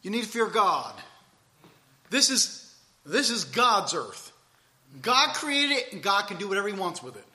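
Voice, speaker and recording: Male preacher with a high, sharp voice, emphatic, swinging loud and quiet while reading scripture. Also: sing-song, a little slow, long pauses.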